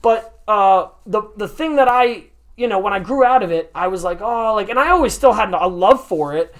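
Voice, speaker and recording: A young man in his twenties talks on a podcast with a fairly high voice. He rambles in a casual, animated way, swearing freely and slipping into quoted voices as he tells stories. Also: normal speed. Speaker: podcast host.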